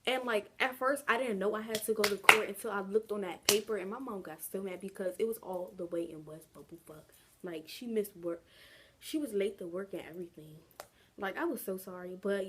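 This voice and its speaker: A woman's voice: mid-range voice, fairly bright tone, a little hiss or hum. A young adult woman telling a casual storytime vlog, chatty and slangy, drawing the story out. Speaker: vlogger.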